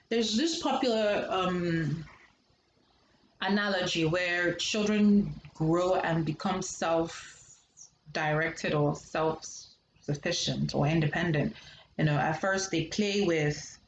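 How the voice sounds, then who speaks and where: A woman from Nigeria giving a casual psychology lesson, animated and acting out parents' voices. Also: fairly low pitch, slight background noise. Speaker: psychology lecturer. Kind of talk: casual teaching talk. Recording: echoey room with faint music.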